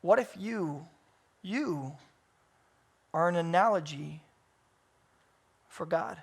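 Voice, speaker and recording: A man in his thirties preaching a sermon in church, moving between hushed, intimate passages and loud, emphatic peaks. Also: a little high, slow pace, vocal fry, slightly rough.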